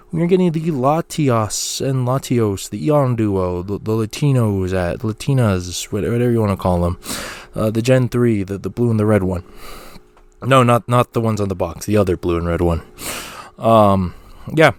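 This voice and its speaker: A man hosts a solo podcast in a loose, joking ramble, full of ums and restarts. His voice sits on the lower side. It is recorded close and dry, with no room echo. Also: normal speed, darkish tone. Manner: rambling and jokey, with many fillers and restarts. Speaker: podcast host.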